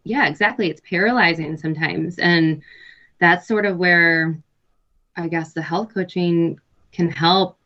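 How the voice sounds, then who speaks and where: Low-voiced woman on dull remote audio. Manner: relaxed, laughs often, thoughtful with pauses. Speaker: guest, nurse and health coach. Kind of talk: casual interview chat.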